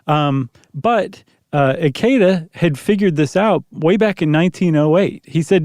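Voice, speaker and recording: A man co-hosts a podcast in loose, casual conversation, cracking jokes and laughing often. His voice sits fairly high for a man. The sound is dry and close, with no room echo. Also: measured pace, hardly any pauses, a little mellow. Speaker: podcast co-host. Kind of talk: casual chat.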